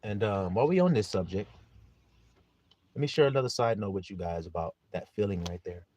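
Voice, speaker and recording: A man preaching a sermon, reading scripture loudly and turning quiet for personal stories, often asking his listeners if they see. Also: fairly low pitch, animated, brisk, dry recording. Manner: casual, blunt preaching with mild swearing.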